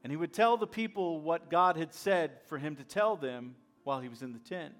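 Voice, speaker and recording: A man's voice: a little high, moderate pace, few pauses, soft background music. A male pastor preaching a sermon, repeating key lines and acting out the voices of skeptics. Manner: repetitive call-and-response preaching, acts out skeptics.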